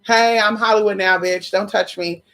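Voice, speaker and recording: A woman's voice: medium pitch, fairly even intonation, normal speed, a bit bright, close to an everyday voice. A woman putting on a haughty, newly rich young woman who swears and brushes people off.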